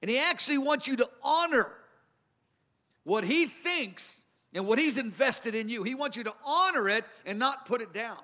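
A man's voice: very high voice, expressive, moderate pace, bright, forceful tone. A man preaching a sermon, earnest and emphatic, circling back to repeat his key phrases. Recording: long hall reverb.

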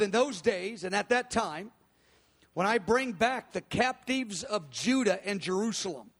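A man with a very high voice preaching through scripture. He reads the verses dramatically and with strong emphasis, then breaks off to explain them in a teaching tone. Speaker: Bible teacher. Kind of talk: expository sermon.

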